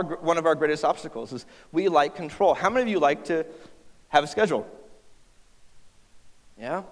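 A man in his thirties preaches with a rather high voice, joking and chatting with the crowd as he tells a family story. The sound carries a long reverb from the hall around him. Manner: humorous, conversational, talks to the audience. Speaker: pastor. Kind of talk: sermon with personal stories.

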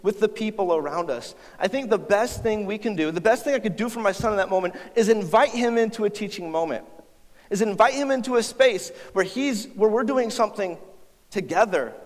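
A man in his thirties preaches with a rather high voice, joking and chatting with the crowd as he tells a family story. The sound carries a long reverb from the hall around him. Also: fairly quick. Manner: humorous, conversational, talks to the audience. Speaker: pastor. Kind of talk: sermon with personal stories.

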